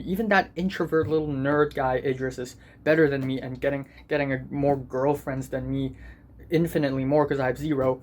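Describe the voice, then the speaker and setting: A man's voice: fairly high pitch, fairly even intonation, brisk, a little mellow. A teenage boy vlogging as a student, venting in an angry, profane and self-deprecating way. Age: teens. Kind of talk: ranting vlog.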